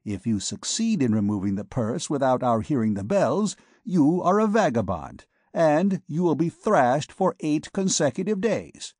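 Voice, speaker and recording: A man's voice: a little high, big pitch swings, a little slow, few pauses, a little mellow, breathy edge, no echo, clean studio sound, full character voice. A man reading an audiobook, voicing a commanding male vagabond king who makes stern, repeated threats. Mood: threatening.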